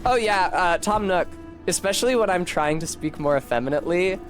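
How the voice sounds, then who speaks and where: A man's voice: high-pitched, lively intonation, brisk, faint music behind. A talkative man with a Philadelphia-tinged accent, chatting casually and info-dumping while streaming a game, swearing now and then.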